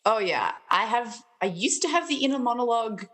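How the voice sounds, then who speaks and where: A woman's voice: fairly high pitch, expressive, brisk, a bit bright. A woman, a school art teacher, chatting casually as a podcast guest, giggly and self-mocking. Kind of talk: casual chat.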